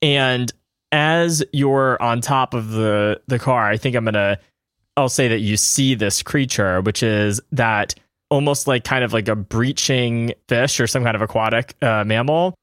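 A male game master narrates a tabletop scene at a middling pitch, feeling his way through the description with hedges and loose phrasing. The sound is dry and close, with no room in it. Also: a little slow, a bit bright, clean tone, no echo. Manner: descriptive, hedges often with "I think" and "kind of".

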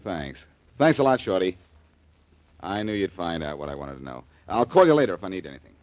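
An actor playing a cocky, wisecracking detective in a 1940s radio drama, trading quick sarcastic quips. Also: male voice, sits low, very animated, no room sound. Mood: wry. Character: wisecracking reformed-thief detective, cool and cocky. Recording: dull old radio broadcast.

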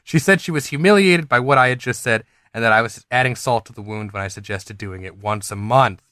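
A man's voice: medium pitch, fairly quick, sharp tone, no room sound, clean studio sound. A man co-hosting a podcast, reading a listener's story aloud and breaking off with chatty asides. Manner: reads in quotes, breaks off with asides and laughs. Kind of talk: casual chat, reading aloud.

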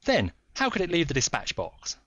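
A man voicing an excitable anxious minister. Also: on the high side, moderate pace, no room sound, exaggerated voice. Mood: indignant. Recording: dull dry recording.

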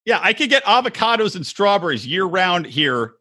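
A man co-hosting a casual comedy podcast, swearing a lot and acting out quotes in an animated way. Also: sits high, moderate pace, husky. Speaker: podcast co-host. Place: recording room, west coast.

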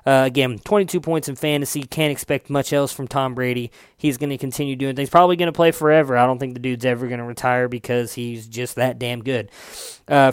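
Recorded at studio quality without echo, this young host has a smooth, medium-pitched voice. His fantasy football show is casual sports talk, easygoing and chatty, with the odd swear word and corrections as he reads numbers.

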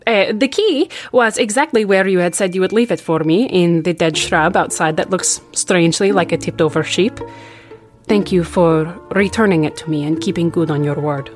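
A woman's voice: on the low side, close to an everyday voice. A woman voicing a secretive young woman who is unsure of her vampire family, speaking earnestly with formal wording in a tabletop role-play.

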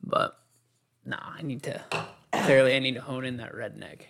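A podcast host in casual chat, unhurried and self-mocking. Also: medium pitch, vocal fry, slight background noise.

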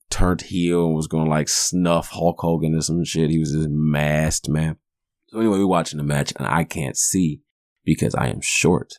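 Deep gravelly man telling stories. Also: darkish tone, no room sound, studio quality. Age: 40s. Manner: rambling, profane, laid-back. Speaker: podcast host. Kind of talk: casual storytelling monologue.

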